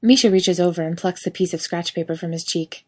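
A woman reads a story aloud with a wry, casual delivery that lets the odd swear word through. Her voice sits a little low. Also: a little fast, darkish tone, husky. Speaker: reader. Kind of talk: storytelling narration.

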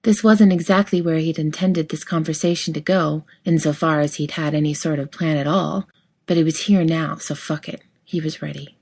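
Woman reading fiction, low and steady. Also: moderate pace, slightly rough. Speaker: narrator.

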